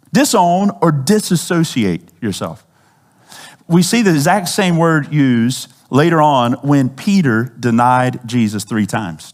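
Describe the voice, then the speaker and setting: Conversational male pastor, slightly high voice. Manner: conversational preaching, asks the congregation questions. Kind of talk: sermon.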